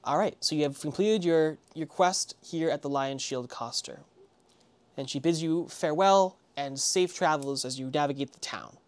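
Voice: mid-range voice, normal speed. Brief: easygoing tabletop game narrator, loose and rambling. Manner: rambling, many fillers and restarts. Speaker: game master.

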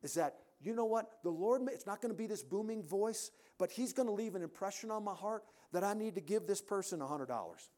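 A man preaching a sermon in a church, emphatic, rising to loud peaks and dropping to quiet endings. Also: high-pitched, expressive, a little fast, few pauses.

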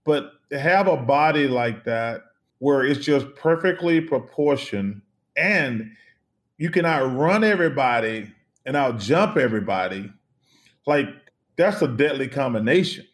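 A middle-aged man from the United States, a guest in an interview, telling stories in an animated, emphatic way, repeating phrases and swearing casually. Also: mid-range voice, a little slow. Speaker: interview guest, former basketball player.

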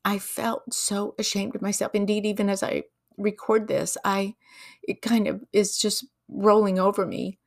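A woman hosting a devotional podcast, talking earnestly and emotionally, telling a story slowly and putting questions to her listeners. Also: medium pitch, fairly even intonation, creaky. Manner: preacherly, asks listeners questions. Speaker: podcast host.

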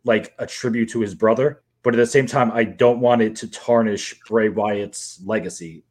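A man's voice: fairly low pitch, steady tone, moderate pace. A man co-hosting a podcast, talking in a rambling, emotional way and swearing freely. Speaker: podcast co-host. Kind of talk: casual podcast chat.

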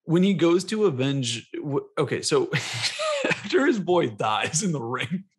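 Husky-voiced man joking about a movie. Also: a little high, huge pitch swings, unhurried. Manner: laughs often, mocks scenes in silly voices. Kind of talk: casual movie chat.

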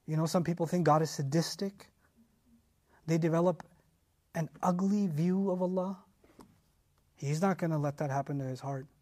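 A man with a slightly high voice delivers a Quran commentary lecture with deep earnestness. He leans into his points, sometimes dropping almost to a hush and sometimes pushing with real force. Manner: earnest, emphatic, swings from hushed to forceful. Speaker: Islamic teacher.

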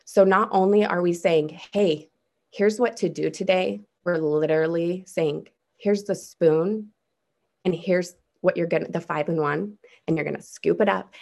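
Gravelly-voiced woman giving a pep talk. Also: fairly low pitch, a little mellow. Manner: upbeat, chatty, keeps saying "you guys". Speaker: trainer presenting on a video call. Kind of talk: casual motivational training.

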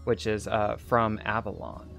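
A man's voice: fairly low pitch, little pitch movement, unhurried, vocal fry, a bit bright, faint music behind. A man running a tabletop game as game master, narrating with lots of hesitant fillers.

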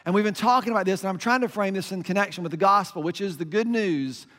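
A middle-aged pastor delivers a conversational sermon full of self-deprecating stories and plenty of fillers. He talks fast in a high, fairly bright voice, and he's in a large hall.

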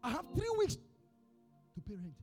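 A Ghanaian pastor delivers a sermon in a high, very expressive voice that climbs and drops with his story. He drops to a near hush, then bursts out loud. Faint music sits underneath him in the church. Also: unhurried. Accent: Ghanaian English. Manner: animated storyteller, swings from hushed to shouting.

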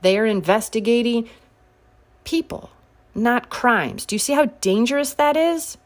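Animated sarcastic woman. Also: a little high, unhurried. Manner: sarcastic, combative, rising to near-shouts on sharp points. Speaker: political commentator. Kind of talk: casual political commentary to camera.

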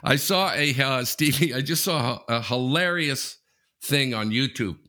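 A man co-hosting a casual sports podcast, telling stories in a rambling, halting way with lots of restarts. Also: mid-range voice, pushed and bright. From Canada. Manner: rambling storyteller, halting restarts, laughs a lot. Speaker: podcast co-host.

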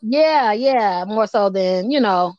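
A woman's voice: medium pitch, animated, slow pace, darkish tone, dry recording, muffled recording. A young woman stand-up comedian telling stories in a casual interview, blunt and profane.

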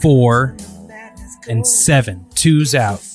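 A man's voice: medium pitch, animated, extremely slow, faint music behind. A man co-hosting a podcast in casual chat, with a dry, wry sense of humor. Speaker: podcast co-host.

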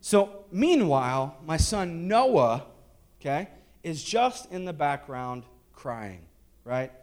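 A man's voice: on the high side, sing-song, takes it slowly. A man in his thirties, a pastor telling a candid family story in a sermon with jokes and restarts. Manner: candid, joking, many restarts.

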